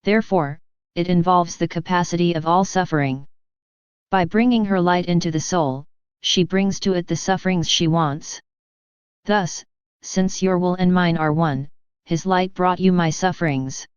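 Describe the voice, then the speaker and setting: Gentle loving jesus speaking slow and solemn, a woman reading him, smooth low-ish voice, dull dry recording. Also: no echo, natural voice. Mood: tender solemn. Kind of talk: devotional reading.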